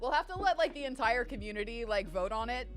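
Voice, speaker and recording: A woman's voice: a little high, animated, quick pace, faint music behind. A woman streamer chatting casually with her live viewers, candid and chatty, laughing often. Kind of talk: casual chat with live viewers while gaming.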